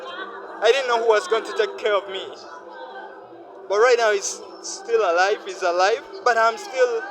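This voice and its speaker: A man's voice: sits high, poor audio. A weary young man pouring out his feelings in a heartfelt, repetitive personal vlog monologue. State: weary, worn down. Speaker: vlogger.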